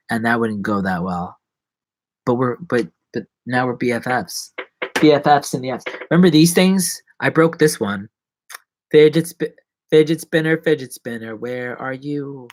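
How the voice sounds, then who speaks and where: Sitting at home, a man hosts a casual live stream, rambling and joking as he chats with viewers. He's playful, and his mid-range voice keeps a moderate pace.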